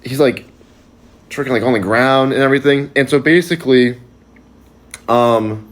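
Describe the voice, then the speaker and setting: A man's voice: medium pitch, moderate pace. A young man casually telling a personal anecdote for a social video, rambling and packing his sentences with "like". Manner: rambling, heavy use of "like" fillers.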